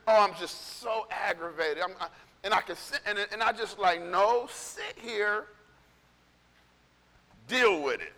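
A male pastor preaching in a casual storytelling way, animated and conversational, acting out what people said. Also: high voice, big-room sound. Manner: animated, conversational, acts out quotes. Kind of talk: storytelling sermon.

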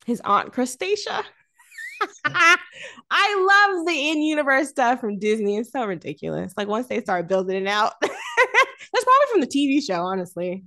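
A woman co-hosting a podcast talks about a movie in loose, casual chat. Her voice sits a little high and swings widely as she riffs. She breaks into frequent laughter along the way. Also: moderate pace. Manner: animated, laughs often, riffs loudly. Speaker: podcast co-host. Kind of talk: casual film discussion.

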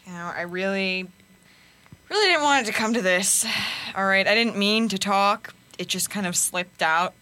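A woman's voice: mid-range voice, unhurried, pauses often, sharp tone. A woman playing a baby girl who suddenly talks like a nervous adult, hesitant and flustered with stammered restarts. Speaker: podcast co-host. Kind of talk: improvised comedy sketch.

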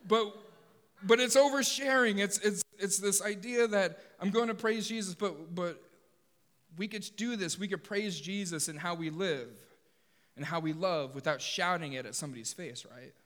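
Animated man preaching in a reverberant hall. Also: high-pitched, moderate pace. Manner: animated, joking asides with the congregation. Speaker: pastor. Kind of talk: sermon.

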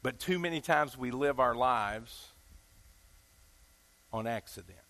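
A man's voice: medium pitch, takes it slowly, a bit bright. A man with a Southern US accent preaching a sermon in an emphatic, folksy way, asking his listeners questions.

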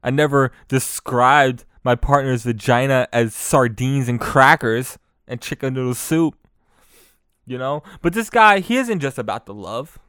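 A man's voice: mid-range voice, unhurried, smooth, no echo. Man, podcast host, crude comedy commentary, laughs a lot, dry close mic. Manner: laughs often, excitable, profane.

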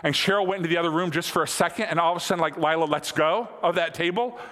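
A man in his thirties delivers a sermon with a bright, forceful voice pitched a little high. He talks conversationally, repeats phrases for emphasis and climbs to excited peaks. The sound carries a long reverb from a church hall. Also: fast. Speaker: pastor.

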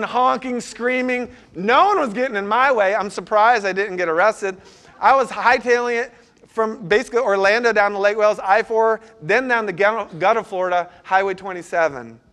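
High-voiced man preaching a sermon. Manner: storytelling, swinging from hushed to loud and urgent. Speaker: pastor.

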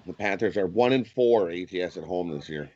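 A man's voice: deep voice, expressive, a little fast, darkish tone, muffled recording. A man giving his betting picks in a casual chat, hesitant and full of fillers. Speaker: panelist.

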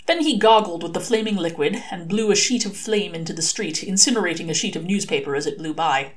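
A woman reading a short story aloud as an expressive audiobook narrator. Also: on the low side, fairly quick. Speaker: reader.

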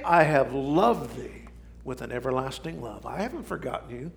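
A man preaching a sermon, swinging from shouting to near whisper for drama. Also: mid-range voice, animated, moderate pace, vocal fry. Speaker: pastor.

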